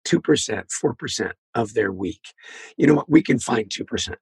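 Male guest, very gravelly and husky, animated storyteller who acts out the dialogue. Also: mid-range voice, moderate pace, no room sound. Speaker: guest, leadership author. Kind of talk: storytelling interview talk.

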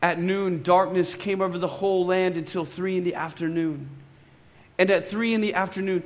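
Long reverb fills the church sanctuary as a high-voiced pastor in his thirties delivers a sermon to his congregation. Scripture readings come with dramatic swells and stretched-out emphasis, while his stories stay loose and conversational, sprinkled with remarks aimed at the congregation.

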